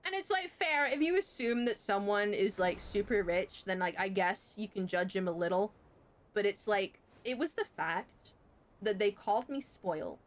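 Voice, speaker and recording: A young woman streamer telling a story in casual chat, swearing freely and jumping sharply in pitch. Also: expressive, normal speed.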